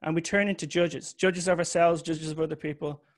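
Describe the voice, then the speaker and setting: A young man speaks openly to an audience in a slightly higher-than-usual voice. His talk is frank and confessional, with casual swearing. The delivery is personal and direct. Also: fairly even intonation, a little fast.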